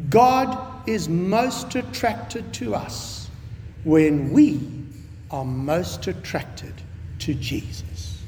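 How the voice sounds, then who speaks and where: A man preacher delivering a sermon in an emphatic, animated way, with casual conversational asides. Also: high-pitched, extremely slow, slight background noise. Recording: long reverb of a large hall.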